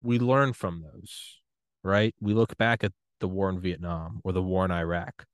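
Low-voiced animated American podcast host. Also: male voice, normal speed, no room sound, clean studio sound. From United States. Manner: animated, excitable, swings to loud outbursts. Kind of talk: casual interview chat.

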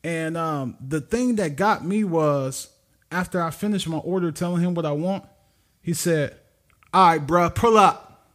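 Animated man telling a story. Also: a little high, normal speed. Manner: animated, laughing storyteller who acts out quotes. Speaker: podcast co-host. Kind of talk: casual storytelling chat.

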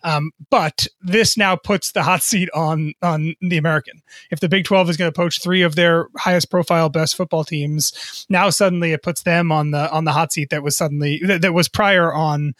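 A man's voice: on the high side, steady tone, moderate pace, a bit bright, dry recording, clean studio sound. A man co-hosting a sports business podcast, talking casually and often repeating words as he thinks. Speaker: co-host, sports business reporter.

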